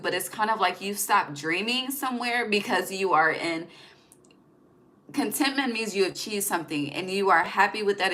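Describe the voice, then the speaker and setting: Young woman reading tarot cards casually, loose and profane, with a bright, forward voice. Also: medium pitch. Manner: chatty, profane, laughs often, sings snatches of songs. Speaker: tarot reader.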